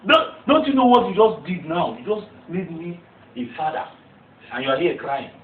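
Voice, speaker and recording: A man playing a lively, coaxing young man. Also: high-pitched, moderate pace. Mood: overjoyed. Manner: coaxing, then overjoyed and exclaiming. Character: young man about to become a father. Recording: tinny, echoey, far from mic, noisy.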